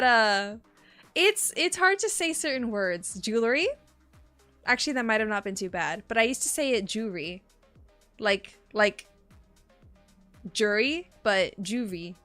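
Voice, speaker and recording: A young woman streaming and chatting casually with her viewers, excitable and quick to swear, gasp and laugh. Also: medium pitch. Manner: excitable, swears freely, gasps and laughs often.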